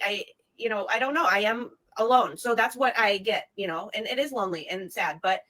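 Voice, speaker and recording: A woman's voice: mid-range voice, sharp tone, poor audio. A woman in a confessional social video, rambling, swearing and restarting as she talks about her mistakes.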